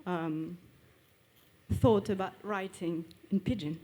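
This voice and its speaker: A woman's voice: lowish voice, slow pace, warm tone. Woman in the audience, polite, hesitant questioner with fillers. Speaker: audience member asking questions. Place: live event, audience microphone.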